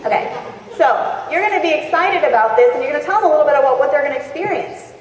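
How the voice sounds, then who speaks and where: Brief: higher-voiced woman, lively seminar speaker, chatty, heard from afar in a big reverberant hall. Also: rapid-fire, a faint crowd. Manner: lively, chatty, acts out phone calls. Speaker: motivational speaker. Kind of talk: live seminar talk to a crowd. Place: large convention hall. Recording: echoey hall recorded from far off.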